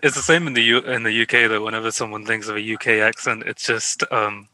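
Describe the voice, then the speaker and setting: A man's voice: lowish voice, fast talker, poor audio. A British man co-hosting a podcast, chatting casually and joking. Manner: relaxed, joking, laughs often. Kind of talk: casual chat.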